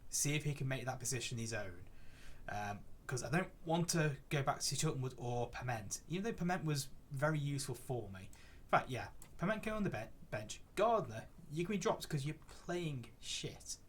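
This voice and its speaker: A man's voice: mid-range voice, lively intonation, moderate pace, slight background noise. A young man casually commentating on his football management game, chatty and easily exasperated by poor play. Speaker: gaming YouTuber. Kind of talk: gameplay commentary.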